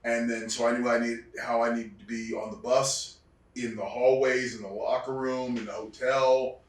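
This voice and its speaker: A man's voice: mid-range voice, level tone, moderate pace. A man, a former wrestler, tells reflective stories in an interview, restarting often and acting out the people he quotes. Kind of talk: storytelling interview. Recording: echoey room, distant mic.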